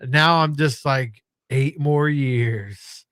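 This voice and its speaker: A middle-aged man co-hosting a casual sports podcast, relaxed and quick to laugh at himself. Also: medium pitch, no room sound. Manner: relaxed, laughs easily, self-deprecating. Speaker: podcast co-host.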